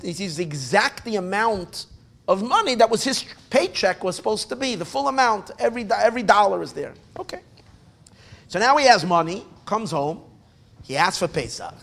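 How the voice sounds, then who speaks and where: Animated man telling a tale. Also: sits high. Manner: animated, swings between loud bursts and near-mumbled asides; frequent restarts and filler asides. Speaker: storyteller. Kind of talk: casual oral storytelling.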